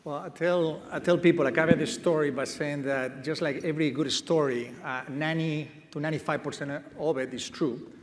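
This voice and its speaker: Man, fairly high voice, lively self-deprecating storytelling, long hall reverb. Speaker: medtech company CEO. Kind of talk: onstage anecdote telling. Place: large conference hall stage.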